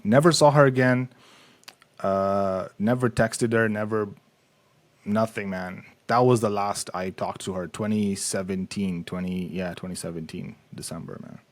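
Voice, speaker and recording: A man's voice: on the low side, fairly even intonation, measured pace. A man telling his own story in a casual podcast conversation, subdued, swearing often and trailing off. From Kenya.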